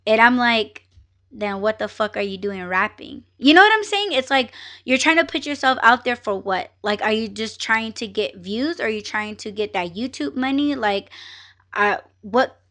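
A woman hosting a podcast, telling a story in a casual, animated and profane way, with many fillers and acted-out exchanges. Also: medium pitch. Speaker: podcast host.

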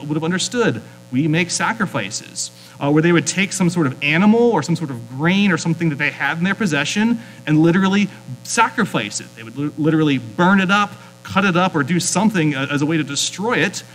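A man's voice: fairly high pitch, a bit bright, poor audio. A man, the pastor, preaching a sermon in a loose, conversational way, with many fillers and restarts. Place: church sanctuary.

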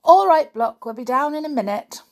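A woman voicing a bright, breezy schoolboy in a storybook reading. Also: high voice, expressive, pitched above the performer's own voice. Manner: brisk and breezy. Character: bright lively schoolboy host.

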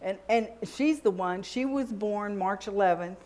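A woman's voice: medium pitch, unhurried, a little mellow. A middle-aged woman preaching a sermon, telling stories and acting out what was said to her. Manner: storytelling, acts out dialogue with God and others.

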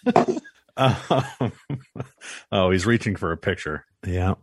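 A man's voice: deep voice, lively intonation, slow pace, no room sound, studio quality. A man co-hosting an interview, chiming in and explaining for listeners.

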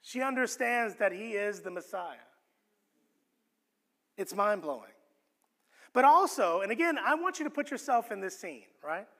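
A man delivers a sermon in an earnest, expressive way, often stumbling over and restarting words as he works through his points. His voice sits high and bright. It carries a long reverb, as in a church hall. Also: measured pace, long pauses. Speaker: pastor.

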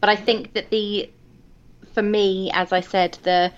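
A woman's voice: medium pitch, level tone, a little slow, dull audio. An English woman co-hosting a casual book chat, rambling with many restarts. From England. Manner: chatty, wanders off topic, many restarts. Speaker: book podcast co-host.

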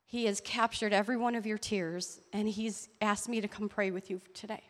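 A woman telling a personal faith story in an earnest, halting way. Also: medium pitch, fairly even intonation, in a large hall. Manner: earnest, halting storytelling with restarts and soft laughs. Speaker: church member sharing a testimony. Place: church hall.

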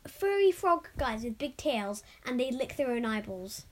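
High-voiced woman chiming in on a podcast. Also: sing-song, measured pace, a loud crowd. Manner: brief interjections and backchannel remarks. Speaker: podcast co-host. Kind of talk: casual chat.

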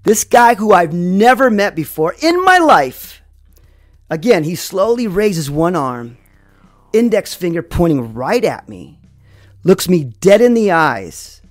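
A man telling a personal story in a slow, dramatic way, full of fillers. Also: sits high, sing-song, no room sound, studio quality. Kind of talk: first-person spoken storytelling.

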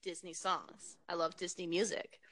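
A young woman co-hosting a casual chat, blunt and opinionated, with quick jokes. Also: on the low side, level tone, fairly bright tone, no room sound. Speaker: podcast co-host.

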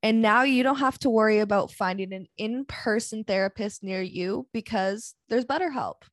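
A woman's voice: mid-range voice, no room sound, clean studio sound. A woman host reading a sponsor advertisement for her podcast in an upbeat, persuasive way. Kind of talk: read ad.

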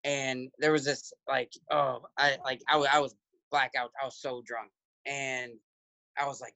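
An American man in his thirties, a serving soldier and the guest, tells a drinking story in a laid-back, meandering way. His voice is bright and forward, and it is recorded dry and close. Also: medium pitch, normal speed, creaky, pauses often, no room sound. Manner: laid-back, loose, drifting phrasing. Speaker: guest, US Army infantry staff sergeant. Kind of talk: casual storytelling.

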